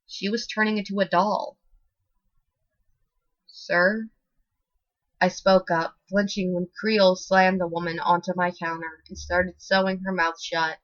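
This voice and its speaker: A woman with a lowish voice reading a scripted horror story, steady and measured. The recording is dry and somewhat muffled. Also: dry recording.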